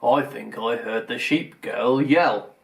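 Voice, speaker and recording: Storybook crook, low, slow and scheming, a man voicing him. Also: vocal fry, fairly bright tone. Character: sneaky male art thief, low and scheming.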